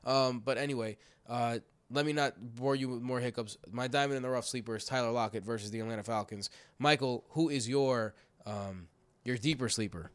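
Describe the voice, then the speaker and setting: A man's voice: medium pitch, brisk, clear, resonant tone, dry recording. A man hosting a casual fantasy football podcast, sick with a cold, loose and joking, talking into a computer microphone. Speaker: podcast host.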